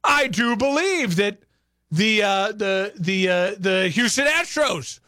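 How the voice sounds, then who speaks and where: Guy ranting on his sports show, high voice that jumps all over, dry close sound. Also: slow pace, no room sound. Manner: animated, ranting, rhetorical questions. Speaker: sports talk show host. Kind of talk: opinionated sports commentary.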